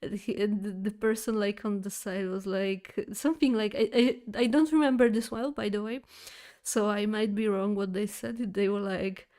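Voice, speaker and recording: A woman's voice: medium pitch, steady tone, moderate pace, darkish tone. A woman streamer chatting casually with her viewers, rambling through a story with lots of fillers, restarts and giggles. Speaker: streamer talking to chat. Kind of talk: casual chat, telling a nightmare story.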